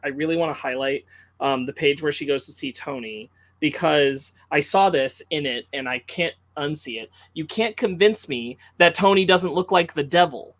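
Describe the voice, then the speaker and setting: A man on a podcast who talks with emphatic enthusiasm, pressing hard on the things he loves. His voice sits slightly high for a man. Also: fairly bright tone. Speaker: podcast co-host. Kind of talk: casual podcast chat.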